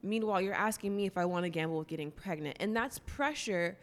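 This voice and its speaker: A woman's voice: medium pitch, quick pace, in a large hall. A young woman in casual chat, frank, outspoken and emphatic.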